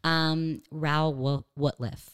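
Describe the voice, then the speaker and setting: A woman's voice: deep voice, fairly even intonation, slow, clean tone. Chatty woman with a cartoonish voice. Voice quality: said to sound like a cartoon voice. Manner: chatty, joking, lots of fillers and asides. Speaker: guest. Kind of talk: casual comedic interview chat.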